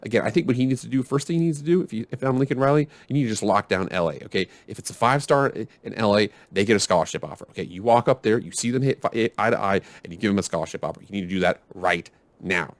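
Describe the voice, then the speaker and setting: A low-voiced man talks fast through casual sports commentary, restarting his sentences and arguing both sides with himself. The sound is dry and close. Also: no room sound. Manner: rambling, self-arguing, restarts often. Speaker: sports video host.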